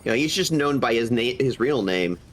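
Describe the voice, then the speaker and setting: A man with a husky voice from a cold, chatting casually and eagerly explaining game lore while streaming. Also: mid-range voice, animated, brisk, poor audio. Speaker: gaming streamer. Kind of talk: casual gaming stream chat.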